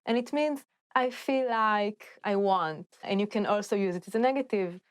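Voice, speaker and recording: A woman with a smooth, clear voice teaches everyday words in a casual lesson. She sounds upbeat and encouraging. The sound is dry and close-miked. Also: mid-range voice, moderate pace, dry recording. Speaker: Hebrew teacher.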